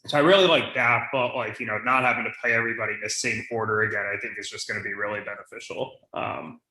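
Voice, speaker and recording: A young man with a bright, forceful voice talks through league rules in easygoing podcast chat. He leans on "you know" and "um" as he thinks aloud, and the room around him rings with echo. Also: fairly low pitch, fairly even intonation, fast, a little hiss or hum. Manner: many fillers, thinks aloud. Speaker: podcast co-host. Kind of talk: casual fantasy league chat.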